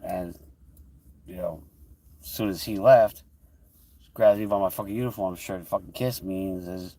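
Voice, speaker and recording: A man's voice: low-pitched, normal speed, dark tone, distant mic. A man telling a heated personal story on a livestream, swearing freely as he goes. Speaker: livestream host.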